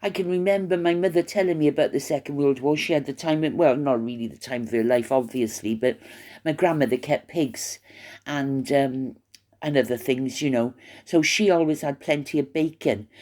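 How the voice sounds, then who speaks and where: Older woman YouTuber, gossipy rambling talk to camera, voice sits a touch low. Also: dark tone. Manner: rambling, gossipy, hesitant with fillers. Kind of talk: casual chat to camera. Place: retirement home, indoors.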